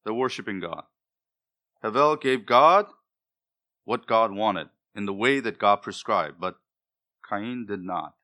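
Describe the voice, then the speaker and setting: A man's voice: fairly low pitch, expressive, takes it slowly, long pauses, bright, forceful tone. A male pastor preaching a sermon, with emphatic delivery that rises and drops for emphasis.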